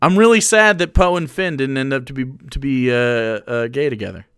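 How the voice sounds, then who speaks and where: A man's voice: mid-range voice, a little fast, a bit bright, clean tone, dry recording, studio quality. A man streaming and reacting to a video, rambling and profane, with frequent restarts. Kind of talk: casual reaction commentary.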